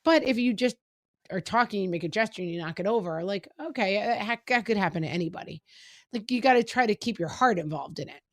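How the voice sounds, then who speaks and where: A woman's voice: medium pitch, expressive, fast, no room sound, clean studio sound. Chatty mother co-hosting a podcast. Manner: chatty, acts out quoted exchanges with her kids. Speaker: podcast co-host. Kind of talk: casual parenting chat.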